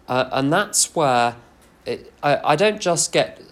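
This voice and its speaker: A man's voice: on the high side, expressive, slow. Frank man telling recovery anecdotes. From England. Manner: self-deprecating, anecdotal, frank. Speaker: recovery workshop speaker. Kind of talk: workshop talk with personal anecdotes.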